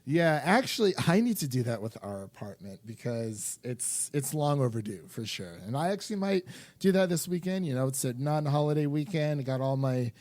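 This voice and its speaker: A young man co-hosting a film podcast, talking in an animated, rambling way with lots of restarts and fillers. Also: mid-range voice, brisk, no echo. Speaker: podcast co-host. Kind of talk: casual chat.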